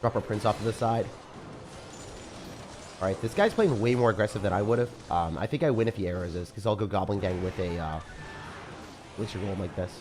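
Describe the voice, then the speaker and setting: A man with a rough morning voice giving casual live commentary on a game he is playing, chatting and reading viewer comments aloud. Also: lowish voice, fairly quick, long pauses, over music. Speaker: game streamer.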